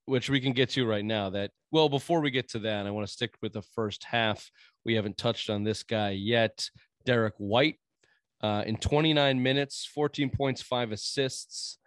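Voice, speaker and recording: A man's voice: on the low side, dry recording. A man with a New England accent, co-hosting a casual sports podcast and talking in a rambling, profane way with many fillers.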